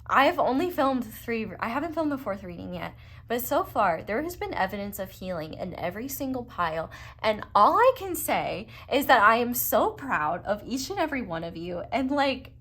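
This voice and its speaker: A woman's voice: fairly high pitch, sing-song, moderate pace, fairly bright tone. Rambling young woman reading tarot. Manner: rambling, filler-heavy, earnest. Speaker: tarot reader.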